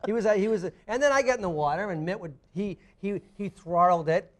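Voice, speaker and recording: A middle-aged man, a guest fisherman on a studio talk show, telling stories in an animated way and laughing through them. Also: high voice, quick pace. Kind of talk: animated storytelling. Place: TV studio with live audience.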